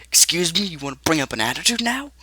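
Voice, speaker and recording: A man's voice: mid-range voice, steady tone, normal speed, a crowd in the background, close to an everyday voice. A man voicing a bossy, sarcastic male animatronic bear who scolds the others. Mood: indignant.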